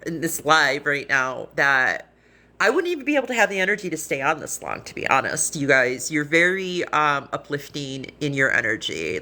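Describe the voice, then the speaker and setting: On a live stream from her phone, a woman talks with earnest emotion, rambling and restarting, on the verge of tears. Her voice is low-pitched with a sharp tone.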